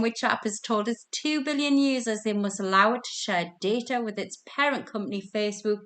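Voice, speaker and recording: Chatty woman quiz host. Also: medium pitch. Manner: chatty, giggly, self-deprecating. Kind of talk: casual online quiz hosting. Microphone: video call.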